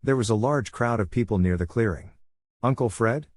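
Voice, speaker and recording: A man's voice: on the low side, brisk, a little mellow, no room sound, studio quality. A man reading fan fiction aloud, narrating and voicing the dialogue with little character acting. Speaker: fanfiction reader.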